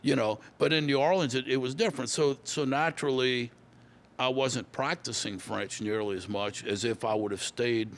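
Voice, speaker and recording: A man's voice: medium pitch, normal speed. A man, telling stories as a guest in a casual interview, often repeating and restarting words. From Louisiana. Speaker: guest musician.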